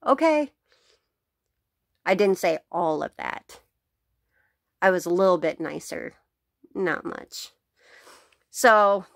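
A woman's voice: lowish voice, fairly bright tone, no echo, studio quality. A woman venting bluntly to camera about her day, swearing freely and laughing between sentences, recorded at home. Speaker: vlogger. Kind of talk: casual venting rant to camera.

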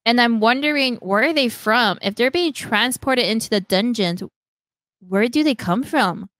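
A young woman hosting a podcast, animatedly retelling a story, acting out lines in quick voices and laughing often. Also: fairly high pitch, lively intonation, fairly bright tone, no room sound. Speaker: podcast host. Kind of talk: casual chat retelling a story.

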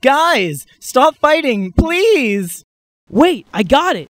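A man's voice: very high voice, big pitch swings, very slow, no echo, exaggerated voice. A teen boy plays a girl-crazy superhero who keeps losing track of things. His voice rises and falls a lot and is recorded close and dry. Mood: eager. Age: late teens. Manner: distracted, drifting off mid-sentence. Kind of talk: amateur comedy sketch.

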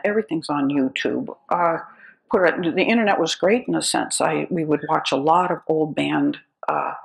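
Older American woman with a gravelly voice. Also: low-pitched, low-quality recording. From United States. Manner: wry, storytelling, chuckling at her own tales. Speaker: speaker. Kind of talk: lecture with humorous anecdotes.

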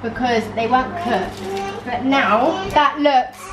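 High chatty young woman. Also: takes it slowly, noisy background. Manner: chatty, animated, playful complaining. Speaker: vlogger. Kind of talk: casual chat.

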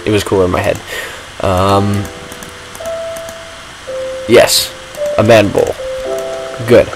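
A man's voice: on the low side, fairly even intonation, takes it slowly, over music, rough recording. A man giving rambling, self-mocking commentary while playing a video game. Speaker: gaming vlogger. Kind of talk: casual gameplay commentary.

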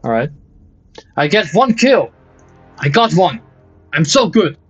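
On a muffled recording with faint music behind, a man with a fairly high, fairly bright and slightly rough voice talks slowly and very animatedly. He's a gaming video host playing a shooter, commenting with exasperated swearing and jokes, sometimes slipping into mock German and Dutch.

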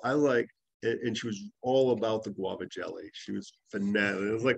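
Gravelly low-voiced man teaching herbs. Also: normal speed, fairly bright tone, no room sound. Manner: casual storytelling, frequent fillers and restarts. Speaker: herbalist teaching a class. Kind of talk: live class lecture with anecdotes.

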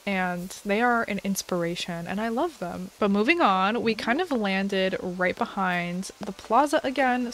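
A woman hosting a casual tour of video game islands, gushing and excitable with frequent delighted exclamations. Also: medium pitch, slight background noise. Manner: gushing, excitable, lots of "oh my goodness". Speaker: host touring game islands. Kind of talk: casual gameplay commentary.

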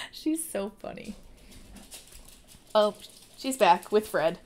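A woman's voice: medium pitch, lively intonation, slow pace, a little mellow, slight background noise. A woman chatting casually and playfully on a live stream, now and then baby-talking to her dog.

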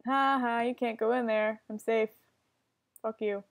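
A woman's voice: a little high, fairly even intonation, measured pace, creaky. A young woman giving casual commentary while playing an online game, often frustrated and swearing at other players. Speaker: gamer.

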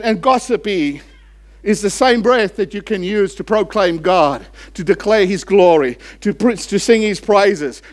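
A male pastor preaching a church sermon with a high-pitched voice. He swings between rising, emphatic declarations and hushed, slowed passages. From Australia. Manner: impassioned preaching, rising for emphasis then dropping low and slow.

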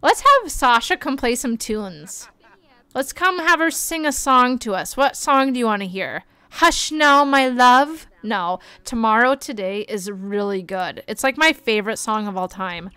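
A young woman streaming a game, chatting excitably and gasping as she plays. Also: fairly high pitch, unhurried, clean tone, dry recording. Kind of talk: casual gameplay commentary.

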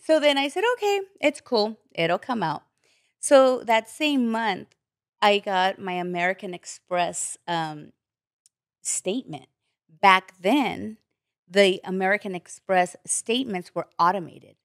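A woman tells a personal story on a podcast, jumping into other people's voices as she quotes them and swearing as she goes. Her pitch sits in the middle, and the close mic leaves the sound dry. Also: slow pace, no echo. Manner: animated, acts out quoted voices, swears freely. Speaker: podcast guest. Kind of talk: candid storytelling chat.

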